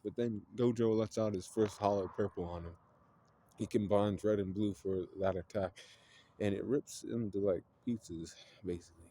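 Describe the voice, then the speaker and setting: A man's voice: fairly low pitch, fairly even intonation, normal speed, warm tone, slight background noise. A man casually retelling an anime plot, rambling with lots of fillers and some swearing. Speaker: storyteller.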